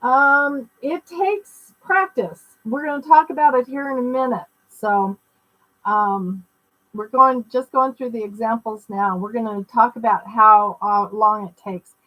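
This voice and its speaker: A woman's voice: on the high side, unhurried, muffled recording. A middle-aged woman giving a live-streamed teaching talk on personal growth, explaining in a conversational way with personal anecdotes and asides to viewers. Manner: greets viewers mid-talk. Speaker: spiritual wellness teacher.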